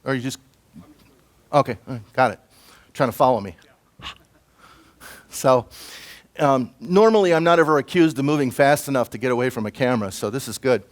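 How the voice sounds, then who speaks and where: A middle-aged man giving a self-defense presentation at a conference, lecturing in a lively, conversational way with asides to the audience. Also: mid-range voice, brisk, long pauses. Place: conference room.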